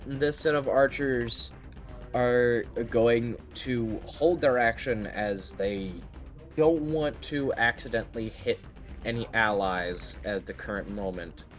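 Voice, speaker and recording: A man narrating a tabletop game as game master, halting often with ums and restarts. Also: medium pitch, faint music behind.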